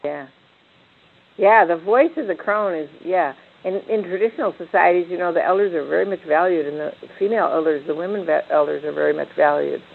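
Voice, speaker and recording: A woman's voice: lowish voice, a little fast, vocal fry. An older woman leading a reflective panel talk, meandering with frequent restarts and fillers. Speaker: discussion leader. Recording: tinny phone-like line.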